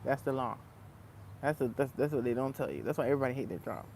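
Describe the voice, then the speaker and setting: A man's voice: medium pitch, fast talker, vocal fry, a little hiss or hum. A man telling a story in a casual, profane rant as a vlogger, breaking into laughs. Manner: animated, profane, laughs between lines.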